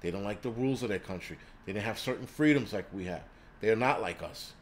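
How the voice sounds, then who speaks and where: A man's voice: fairly low pitch, brisk, a little hiss or hum. A man hosting a livestream, ranting heatedly with lots of cursing and stammered restarts, reading and answering chat comments. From United States. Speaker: livestream host. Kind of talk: profane livestream rant.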